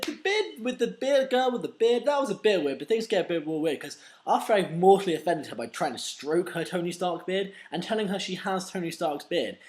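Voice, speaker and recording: A man's voice: high-pitched, a little mellow. A man telling a rambling, swearing comedic story in a casual vlog. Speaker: vlogger.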